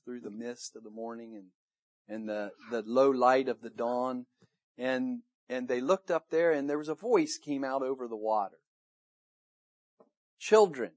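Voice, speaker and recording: A man preaching a sermon to his church, retelling the story in a lively way and acting out the people he quotes. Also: mid-range voice, no room sound. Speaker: pastor. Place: church service room.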